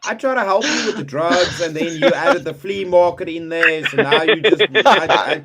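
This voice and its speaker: Man, crude banter, says bro, very animated voice, loud crowd behind. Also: a little high, moderate pace. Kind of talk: casual chat.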